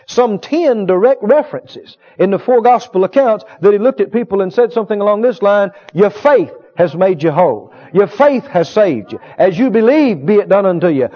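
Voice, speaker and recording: Male preacher, high voice, emphatic and repetitive, sermon, muffled lo-fi recording. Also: lively intonation, brisk, hardly any pauses. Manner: emphatic, repetitive, call-and-response with the congregation. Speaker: healing school teacher and preacher. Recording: dull lo-fi sound.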